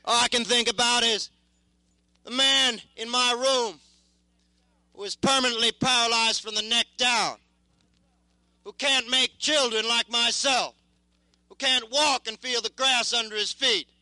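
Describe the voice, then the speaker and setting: High-voiced intense young veteran man. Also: steady tone, pushed and bright, no echo, rough recording. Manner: intense, repetitive, halting. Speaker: war veteran. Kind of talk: impassioned spoken testimony.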